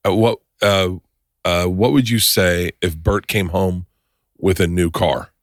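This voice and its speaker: A man's voice: low voice, fairly even intonation, a little slow, no room sound. A man in his forties co-hosting a podcast in casual chat, rambling with many restarts and swearing, recorded on a close studio mic. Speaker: podcast co-host.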